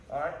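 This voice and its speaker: A man coaching a martial arts class, jokey, acting out little scenes as he explains. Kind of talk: teaching a class. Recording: echoey hall, distant mic, faint noise.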